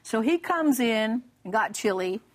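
Speaking at an unhurried pace in a fairly high pitch, a woman appears as a guest speaker on a Christian broadcast with an amusing testimony from her own life. She acts out what was said and laughs while telling it, keeping the story lively.

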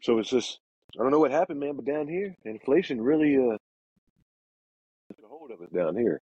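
A man's voice: mid-range voice, lively intonation, moderate pace, a little mellow, husky, dull audio. A man in laid-back, slangy casual chat on a podcast. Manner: laid-back slangy talk with repeated fillers. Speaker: podcast co-host.

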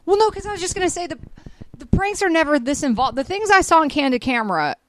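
A woman's voice: sits high, big pitch swings, fast, a little hiss or hum. A woman hosting a comedy podcast, chatting casually, laughing often and acting out quotes. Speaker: podcast host.

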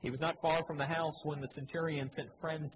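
A man preaching a sermon, repeating key phrases, asking the congregation questions, and swinging between loud emphatic lines and low quiet ones. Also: flat delivery, a little fast, slight background noise, rough recording. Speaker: pastor. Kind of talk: sermon with slides.

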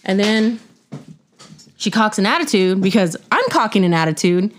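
A woman's voice: mid-range voice, lively intonation, moderate pace. A woman hosting a podcast, telling a casual, blunt story about difficult customers and swearing freely along the way. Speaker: podcast host.

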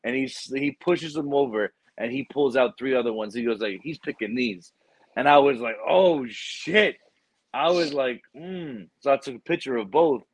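A man, a military recruiter, chatting casually and telling rambling, animated stories full of quoted dialogue and swearing. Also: medium pitch, moderate pace, dry recording. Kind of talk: casual chat.

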